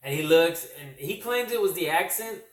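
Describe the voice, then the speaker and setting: A man from California telling a casual vlog recap, rambling and correcting himself, his voice slightly worn from yelling. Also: a little high, animated, normal speed. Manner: rambling, self-correcting storyteller. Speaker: comic book vlogger. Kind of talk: casual recap talk to camera. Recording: echoey room.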